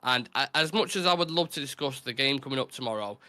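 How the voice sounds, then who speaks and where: A man's voice: medium pitch, quick pace. A young man hosting a casual football chat, animatedly retelling a match. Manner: animated storyteller, acts out crowd reactions. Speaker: football podcast host.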